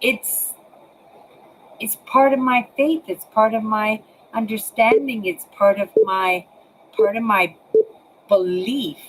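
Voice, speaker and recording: A Canadian woman in her sixties talks casually to her webcam in her apartment, rambling and repeating words to her viewers. Her mid-range voice is steady and slow with long pauses, and the rough recording carries a little hiss or hum.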